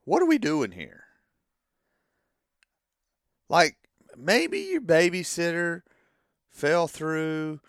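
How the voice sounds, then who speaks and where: A man's voice: a little high, big pitch swings, drawn-out words, pauses often, fairly bright tone, dry recording, clean studio sound. A man delivering an opinionated monologue as a wrestling fan, ranting and repeating himself, then hedging that it is just his opinion.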